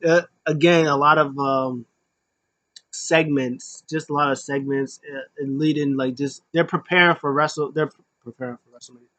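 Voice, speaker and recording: A man's voice: a little high, moderate pace. A man recapping a wrestling show in a casual, rambling way, full of ums and uhs. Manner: rambling, filler-heavy, animated.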